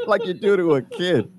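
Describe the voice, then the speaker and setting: A man hosting a radio talk show, bantering in a jokey way and teasing his co-host with questions. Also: high-pitched.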